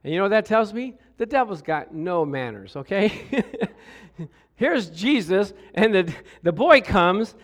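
A man preaching a sermon, acting out quoted voices with humor and animated emphasis. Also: high-pitched.

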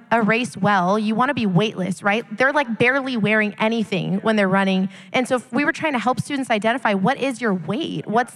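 A woman's voice: on the high side, fairly bright tone. A woman youth leader sharing passionately and emphatically on a live church panel. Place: church sanctuary, live service. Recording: long church hall reverb.

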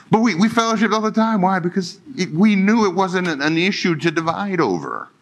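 A man's voice: sits high, sing-song, normal speed. A middle-aged male pastor giving a conversational sermon, joking and acting out quoted dialogue.

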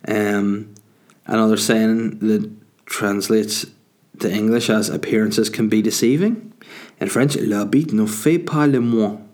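A man with a slightly low voice rambles through a casual solo monologue, full of crude jokes and loose asides. He talks close to a desk microphone. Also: fairly even intonation, a little slow, darkish tone. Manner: crude, joking, rambling with fillers.

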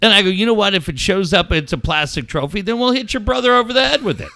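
A high-pitched, bright middle-aged man tells a story on a podcast in a profane, animated rant. His voice swings hard between low grumbles and near-yells. The sound is close and dry. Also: fast, no room sound. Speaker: podcast host. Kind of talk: casual podcast chat.

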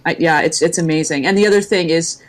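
A woman's voice: low-pitched, fast talker. A woman hosting a podcast in casual chat, teasing her guest and swearing casually.

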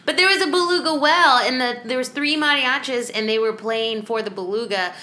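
Playful woman with a bright voice. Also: high-pitched, fairly quick, reverberant. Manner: playful and teasing. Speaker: podcast co-host. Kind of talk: casual chat.

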